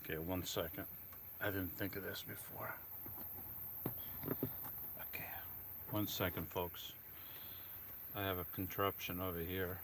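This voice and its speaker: Male vlogger, low-pitched, hushed casual chat into a close phone, faint background noise. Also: little pitch movement, normal speed, vocal fry. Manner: talks quietly, keeping his voice down. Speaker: vlogger live-streaming. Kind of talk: casual live stream chat. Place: inside a van on a rainy night. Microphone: phone propped close.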